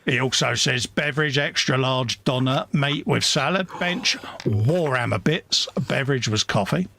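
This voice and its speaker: A man's voice: mid-range voice, moderate pace, creaky, sharp tone, slight background noise. A man from southern England, co-hosting a casual livestream, joking and reading out viewers' messages. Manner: joking, reads out food orders from chat. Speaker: co-host of a livestream. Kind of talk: casual chat.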